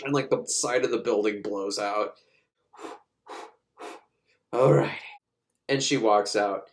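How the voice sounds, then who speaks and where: A man giving a casual, profane, sarcastic comedic recap of a movie, acting out the characters in quick voices. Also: lowish voice.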